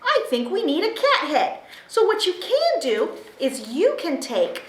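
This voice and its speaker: A woman librarian with a high, bouncy voice leads children through a craft, taking her time over each step. Her cheerful, sing-song delivery is made for small kids. The sound carries a roomy echo, with a faint hiss underneath. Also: wildly swooping pitch, a little slow. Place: library room.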